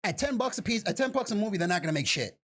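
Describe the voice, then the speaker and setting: A man's voice: high-pitched, sing-song, very fast, fairly bright tone. A man co-hosting a podcast, chatting casually, laughing along and arguing his points with repeated restarts. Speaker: podcast co-host. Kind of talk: casual chat.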